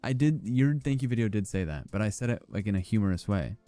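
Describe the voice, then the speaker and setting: A young man streams a game, chatting loosely with his viewers. His voice sits low and warm, and his talk is joking and profane. Faint music plays behind him. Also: lively intonation, fast, no echo. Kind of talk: casual gameplay commentary.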